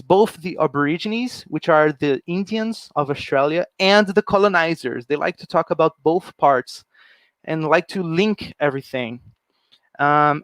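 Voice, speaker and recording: A man's voice: fairly high pitch, fairly bright tone, smooth, no room sound. A young man from Brazil, giving a friendly, enthusiastic presentation while walking through slides. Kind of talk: informal presentation.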